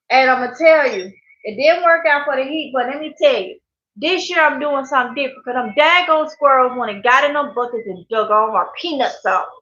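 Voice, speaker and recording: Woman, casual live stream host, laughs a lot, high voice, echoey room. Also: sharp tone. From Mississippi. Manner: chatty, laughs often, reads out viewer comments. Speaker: channel host. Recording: echoey, dull lo-fi sound.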